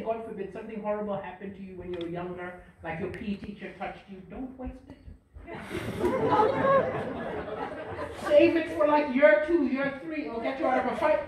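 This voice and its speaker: A man in his forties performing a stand-up comedy set, animated and shouting punchlines loudly. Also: very high-pitched, background noise. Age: 40s. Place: live comedy venue with audience. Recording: echoey live room, distant mic, loud crowd laughter.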